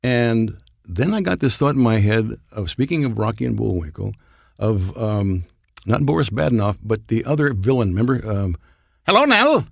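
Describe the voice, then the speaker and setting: Older guy w a gravelly voice rambling thru old stories, dry close sound. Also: fairly low pitch, animated, normal speed, darkish tone, no room sound. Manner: rambling anecdotal storytelling with chuckles. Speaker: voice actor guest. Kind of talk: casual podcast chat.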